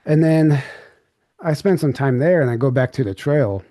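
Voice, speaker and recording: A man's voice: a little high, normal speed, dark tone, no room sound, studio quality. A man, a podcast guest, recounting an eerie personal encounter in a loose, rambling way, full of "like" and restarts. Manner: rambling, filler-heavy recounting with many restarts. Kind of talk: candid storytelling.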